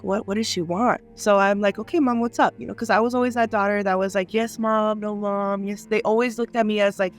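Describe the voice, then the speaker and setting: Halting woman sharing a personal story. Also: mid-range voice. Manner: halting and earnest, many "like" and "you know" fillers. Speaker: interviewee sharing her life story. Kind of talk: personal testimony, unscripted.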